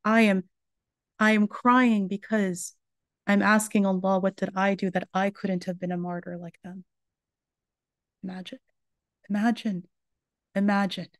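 A woman's voice: mid-range voice, level tone, moderate pace, no echo. Woman giving an earnest religious talk. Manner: earnest storytelling, retelling a survivor's words. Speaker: lecturer. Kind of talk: religious lecture.

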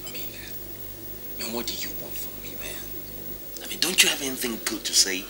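A defiant spoiled rich son. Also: male voice, on the low side, very animated, moderate pace, pushed and bright, whispered, exaggerated voice. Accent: Nigerian. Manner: defiant, slangy, swaggering. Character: spoiled young billionaire's son. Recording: noisy room.

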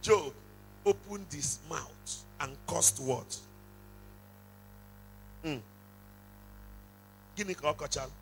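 A man's voice: a little high, vocal fry, a bit bright, slight background noise, low-quality recording. A man preaching a sermon, switching between English and Igbo and breaking into song. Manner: preaching with slow, drawn-out bursts into singing. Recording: music playing under the voice.

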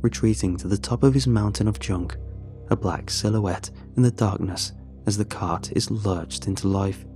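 A man narrating a first-person horror story in a measured, tense way. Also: fairly low pitch, warm tone, faint music behind.

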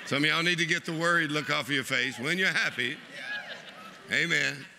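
Bright-voiced preacher man. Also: fairly high pitch, normal speed, creaky, a little hiss or hum. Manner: exuberant, leads the crowd in laughing. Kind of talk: lively sermon.

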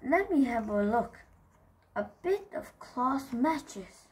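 A woman's voice: on the high side, big pitch swings, slow, darkish tone. Woman voicing an earnest young boy bear. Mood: curious.

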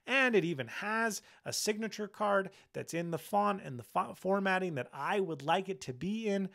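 A young man hosting a tech channel, casually and enthusiastically demonstrating software while sounding tired and low on energy. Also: expressive, moderate pace, vocal fry, hardly any pauses.

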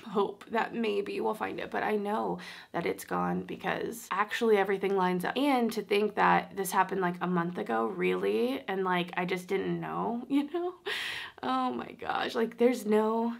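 A woman's voice: medium pitch, a little slow, gravelly. A young woman vlogger venting at home in a casual chat, close to tears and full of "like" fillers. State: tearful. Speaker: beauty vlogger. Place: at home, indoors.

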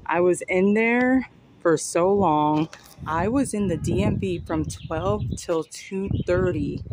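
Chatty woman vlogging outdoors over street noise. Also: lowish voice. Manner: chatty, rambling, talks straight to viewers as "y'all". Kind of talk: casual vlog talk to camera. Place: outdoors by a street and train station.

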